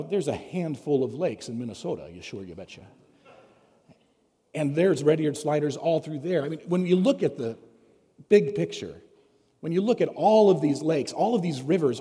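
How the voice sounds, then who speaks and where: Storytelling pastor in a reverberant church. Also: male voice, fairly high pitch, warm tone, slightly rough. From United States. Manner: storytelling, conversational, asks the congregation questions. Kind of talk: sermon. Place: church sanctuary. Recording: long reverb of a church hall.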